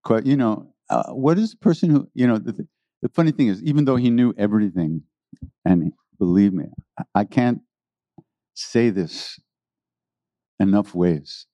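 A man telling rambling, animated stories to an audience as a spiritual teacher, often laughing. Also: on the low side, moderate pace, long pauses, no echo, lo-fi sound. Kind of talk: storytelling talk to an audience.

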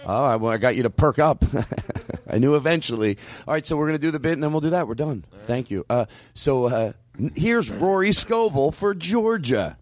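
A man's voice: mid-range voice, brisk, a little mellow, no room sound. A man hosting a comedy podcast, chatting casually in a rambling, playful way and often cutting off his own sentences. His voice sits in a mid range and is recorded close and dry, with no room sound. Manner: rambling, self-interrupting, playful. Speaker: podcast host.

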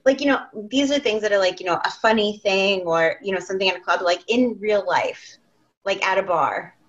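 A woman's voice: mid-range voice, a little fast, dull audio. A young woman hosting a podcast, asking casual questions with lots of fillers. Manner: asks questions with many fillers. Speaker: podcast host. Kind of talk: casual interview chat.

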